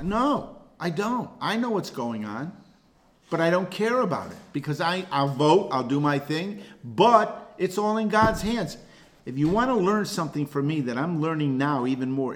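A man teaching a casual Bible study class, talking earnestly and often repeating words while he gathers his thoughts. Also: mid-range voice.

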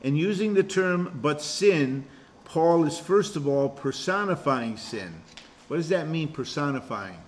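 A man's voice: on the high side, expressive, measured pace, slight background noise. A man pastor leading an informal Bible study class. He talks conversationally and explains verse by verse, restarting his sentences often.

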